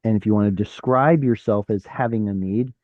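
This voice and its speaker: Guy teaching a hebrew class online, lowish voice, dry tinny call audio, sounds out letters, fixes his own slips. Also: brisk, no room sound. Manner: explanatory, self-correcting, sounds out letters. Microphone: video call.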